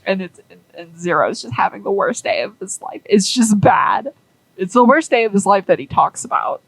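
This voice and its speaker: A woman's voice: medium pitch, lively intonation, moderate pace, creaky, breathy edge, dry recording, low-quality recording. Rambling young woman telling a story. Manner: rambling, filler-heavy, amused. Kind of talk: casual storytelling monologue.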